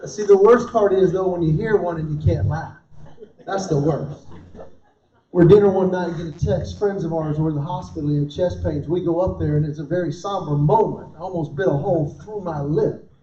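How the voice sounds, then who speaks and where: A man's voice: fairly high pitch, fairly quick, warm tone, a little hiss or hum. A middle-aged male comedian telling punchy, self-deprecating stories to a live crowd and tossing questions to the audience. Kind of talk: stand-up storytelling. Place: event hall. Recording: roomy, distant, dull live recording.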